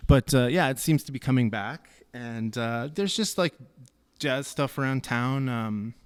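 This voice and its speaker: A man, a jazz pianist talking as a guest in a casual interview, halting with many restarts and easy laughs. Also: mid-range voice, smooth.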